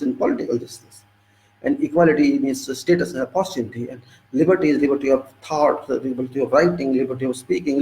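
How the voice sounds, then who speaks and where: A man's voice: mid-range voice, warm tone, low-quality recording. A man with an Indian English accent giving an impassioned monologue full of pointed rhetorical questions. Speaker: political commentator.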